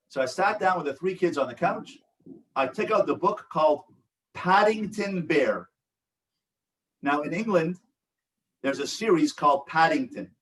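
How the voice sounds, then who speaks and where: An older man, a rabbi and relationship coach, teaching an online support group with animated storytelling and acted-out quotes. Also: a little high, recorded from a distance, poor audio. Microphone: video call.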